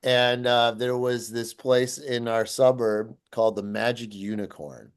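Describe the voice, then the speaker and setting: A man co-hosting a podcast, telling a story in casual chat and loudly acting out the quotes he tells. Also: unhurried, clear, resonant tone. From Cleveland area. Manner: animated, acts out quotes in a loud high voice. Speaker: podcast co-host.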